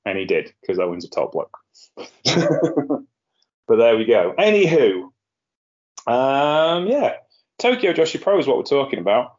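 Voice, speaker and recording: A man's voice: medium pitch, big pitch swings, measured pace, long pauses, darkish tone. A man hosting a casual podcast, chatty and rambling, often laughing at his own jokes. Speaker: podcast host. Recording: lo-fi muffled sound.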